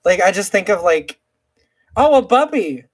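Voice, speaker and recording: A male podcast co-host with a husky, breathy voice that swings widely in pitch. He talks animatedly and dramatically, recorded dry and close. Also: big pitch swings, normal speed, dry recording. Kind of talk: casual chat.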